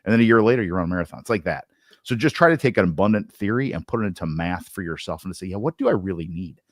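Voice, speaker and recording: A man's voice: low voice, very fast, no echo, studio quality. A man co-hosting a sales podcast, chatting casually with a Southern Indiana accent, full of slang and restarts. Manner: loose, animated, with slang and many restarts. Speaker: podcast co-host.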